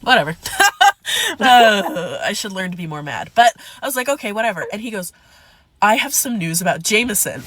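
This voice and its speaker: A woman's voice: medium pitch, lively intonation, moderate pace, a bit bright, slight background noise. A woman telling a dramatic personal story, acting out quotes and swearing. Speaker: storyteller in a clip. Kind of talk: animated storytime.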